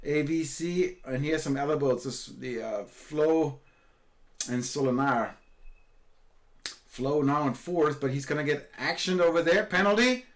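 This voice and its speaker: Excitable man calling sailing races. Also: fairly high pitch, a little slow. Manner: excitable, exclaims and repeats calls. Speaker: esports sailing commentator. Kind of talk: live race commentary.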